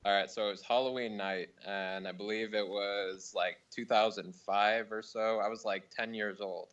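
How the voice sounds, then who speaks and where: A young man calling in to a radio show, telling a long story in a rambling, deadpan way with many fillers. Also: on the low side, moderate pace, muffled recording. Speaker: caller. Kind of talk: prank story told over the phone.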